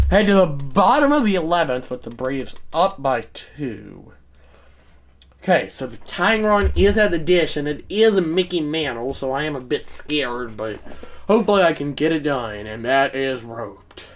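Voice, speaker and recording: A man calling his own baseball video game like a broadcaster, shouting on big hits and rambling in self-mocking asides between plays. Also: medium pitch, a little hiss or hum. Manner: mock broadcaster calls that burst into shouting. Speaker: gaming streamer. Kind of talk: casual play-by-play of a video game.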